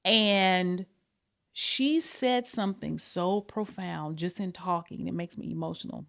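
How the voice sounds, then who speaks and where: A woman's voice: measured pace, vocal fry. A woman hosting her own podcast, talking casually and candidly to her listeners, swearing freely and calling them y'all. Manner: animated, pitch and pace swing widely. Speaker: podcast host. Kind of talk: casual confessional talk.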